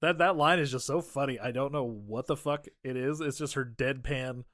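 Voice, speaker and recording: A man's voice: medium pitch, moderate pace, dry recording, clean studio sound. A man co-hosting a podcast, casually recapping a film with lots of swearing and quoted lines. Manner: profane, animated retelling with quoted voices. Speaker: podcast co-host. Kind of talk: casual movie-recap chat.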